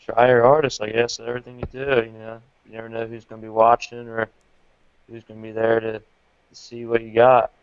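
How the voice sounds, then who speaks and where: A man's voice: mid-range voice, flat delivery, fairly quick, clear, resonant tone, dry recording, muffled recording. A man answering as a podcast guest, laid-back and a little hesitant, over a remote call line. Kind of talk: casual interview chat.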